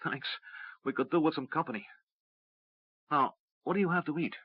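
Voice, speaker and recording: A man's voice: on the high side, normal speed, husky, dry recording, voice pushed up. A man voicing a desperate young soldier and father, urgent and strained, in a dry, slightly dull recording. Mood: weary.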